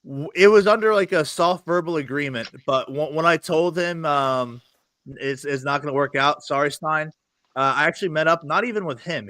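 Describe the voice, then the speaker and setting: A man's voice: medium pitch, bright, forceful tone, no room sound. A man who is a guest on a podcast, chatting casually and telling profane stories at speed, often laughing. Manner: fast, profane storytelling with bursts of laughter.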